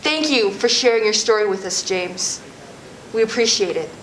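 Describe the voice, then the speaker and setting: A woman's voice: medium pitch, lively intonation, normal speed, a bit bright, a little hiss or hum, natural voice. A young woman playing a support group leader who gushes sympathy in an over-soothing way, in a student sketch comedy. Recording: echoey room.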